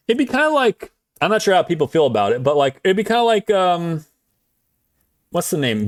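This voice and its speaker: A man streaming, chatting casually in a rambling way with lots of fillers and quick chuckles. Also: mid-range voice, no echo, clean studio sound. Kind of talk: casual chat.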